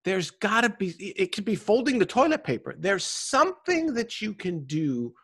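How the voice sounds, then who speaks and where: A man speaking as an interview guest, giving motivational advice in an energetic, preachy way with frequent "right?" tags. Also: high voice, normal speed, husky. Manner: energetic, preachy, tag questions. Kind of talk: motivational conversation.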